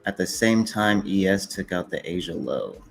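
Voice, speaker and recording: A man's voice: low-pitched, lively intonation, normal speed, gravelly. A young man hosting a casual trading livestream, laid-back, laughing easily and swearing casually. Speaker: livestream host.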